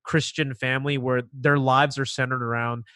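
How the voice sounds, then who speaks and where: A man's voice: mid-range voice, level tone, normal speed, sharp tone, no room sound, clean studio sound. A young man in casual podcast chat, talking emphatically and repeating words when worked up.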